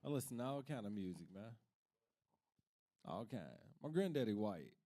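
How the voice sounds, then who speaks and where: A man's voice: mid-range voice, lively intonation, moderate pace, warm tone. A man from Kentucky doing stand-up, telling laid-back family stories and laughing at his own jokes. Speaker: stand-up comic. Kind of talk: stand-up comedy.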